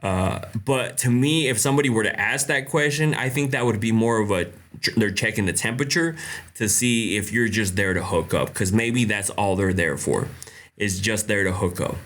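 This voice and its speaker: A man's voice: lowish voice, normal speed, a bit bright. A young man hosting a casual live question-and-answer stream, blunt and joking, laughing often. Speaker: host.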